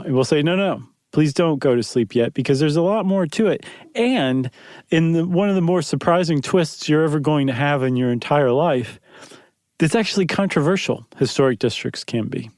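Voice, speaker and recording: A man's voice: on the high side, expressive, moderate pace, a little mellow, no echo, studio quality. A man co-hosting a podcast in casual, jokey chat, acting out quotes in little put-on voices. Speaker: podcast co-host.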